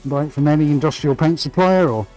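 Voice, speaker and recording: Upbeat man, slightly high voice. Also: quick pace, soft background music, poor audio. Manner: energetic, chatty, greets viewers by name. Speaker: artist hosting a live stream. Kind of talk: casual live-stream chat while painting.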